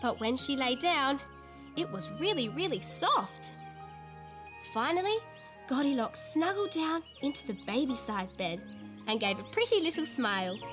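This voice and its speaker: A woman's voice: high-pitched, very animated, unhurried, music in the background. Giggly, sing-song woman telling a tale. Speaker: storyteller host. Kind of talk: children's TV storytelling.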